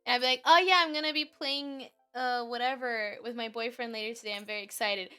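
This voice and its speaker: A woman's voice: fairly high pitch, fairly quick, clean tone, soft background music. A young woman chatting casually on a stream, retelling stories with exaggerated outrage. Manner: animated, bursts into exaggerated outrage when retelling. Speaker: streamer co-host. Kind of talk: casual chat.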